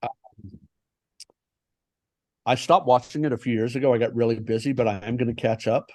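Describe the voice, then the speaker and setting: A man, a tattoo artist, chatting casually and swearing often, with halting restarts. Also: medium pitch, fairly even intonation, darkish tone, dry recording. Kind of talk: casual podcast chat.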